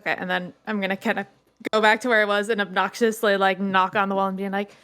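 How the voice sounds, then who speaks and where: A woman's voice: mid-range voice, flat delivery, quick pace, fairly bright tone, clean tone, soft background music. Giggly woman player in a tabletop game. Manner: playful, giggly.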